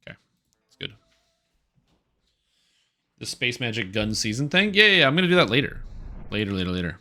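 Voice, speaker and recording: A man's voice: mid-range voice, sing-song, a little fast, bright, forceful tone. A man streaming a video game, chatting casually in a rambling, offhand and opinionated way. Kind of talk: casual live-stream commentary.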